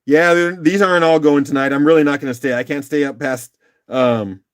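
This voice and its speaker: A man's voice: a little high, steady tone, fairly quick, smooth. A man hosting a casual live-stream rock auction, upbeat and chatty, calling out bids and laughing often.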